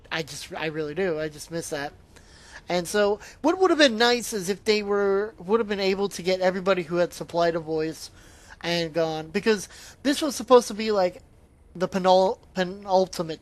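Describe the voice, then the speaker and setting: A man giving a casual, rambling spoken review of a video game, often trailing off and restarting his sentences. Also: high voice.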